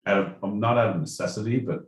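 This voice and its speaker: A man's voice: fairly low pitch, quick pace, echoey room, slight background noise, poor audio. Sweary man co-hosting a podcast. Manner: sweary, riffing, animated. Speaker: podcast co-host. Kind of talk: casual chat.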